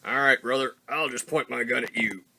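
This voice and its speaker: Cocky evil robot, voiced by a man: gleeful, pitched up, eager for a fight. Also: fairly even intonation, a little fast, gravelly, background noise, close to an everyday voice.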